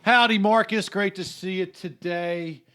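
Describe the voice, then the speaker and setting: A man's voice: sits high, fairly even intonation, unhurried, sharp tone, clean tone. A man co-hosting a podcast in casual chat, talking in a brash, emphatic, jokey way. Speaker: podcast co-host.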